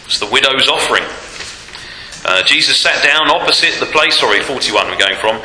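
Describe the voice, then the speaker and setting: A male preacher giving a Sunday sermon, asking rhetorical tag questions and pausing on fillers, in a church hall with a long reverb. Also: medium pitch, lively intonation, pushed and bright. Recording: roomy hall reverb, faint noise.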